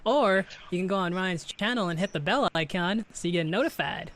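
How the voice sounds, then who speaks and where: Male co-host, high and bright, giggly and brief, casual stream chat. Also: a little fast.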